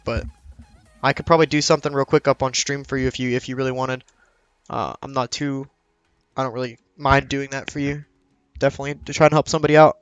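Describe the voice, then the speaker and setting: A man's voice: mid-range voice, clear, resonant tone, dry recording, lo-fi sound. A young man streaming and chatting casually, with crude sarcastic banter and a slight lisp. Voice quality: slight lisp from dry mouth. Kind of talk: casual chat while streaming.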